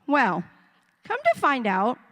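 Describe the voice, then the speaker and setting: A woman's voice: on the high side, measured pace. A middle-aged woman preaching a sermon in a church, telling stories and acting out voices. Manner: storytelling, animated, acts out voices of children and parents. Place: church sanctuary. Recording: long reverb of a church hall.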